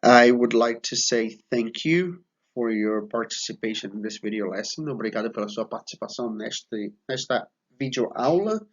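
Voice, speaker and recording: Man, patient teacher, repeats and checks understanding, mid-pitched, muffled lo-fi sound. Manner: slow, explanatory, repeats phrases and checks with "okay?". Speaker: Portuguese teacher. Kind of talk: video lesson explaining idioms.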